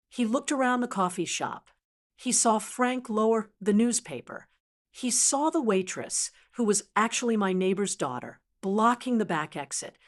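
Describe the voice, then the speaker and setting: A woman reads a scripted first-person story aloud in a measured, dramatic way. Her voice sits at a mid pitch for a woman, steady and even as the tale unfolds. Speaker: narrator.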